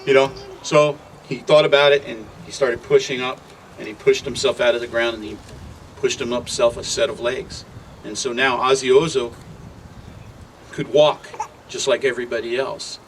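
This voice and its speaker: A man's voice: mid-range voice, steady tone. Man telling a story outdoors. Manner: unhurried, conversational, with filler ums. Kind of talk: traditional oral storytelling. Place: outdoors near traffic. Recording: distant mic with loud traffic noise.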